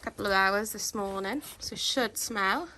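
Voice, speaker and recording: A woman dog breeder in a casual home vlog, talking in a calm, steady, instructive way from her living room. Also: medium pitch, moderate pace, a little hiss or hum.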